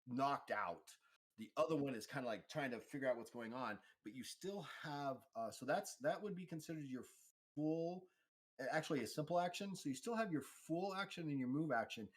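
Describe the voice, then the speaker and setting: A man narrating a tabletop role-playing game as game master, talking in a loose, halting way with many fillers. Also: mid-range voice.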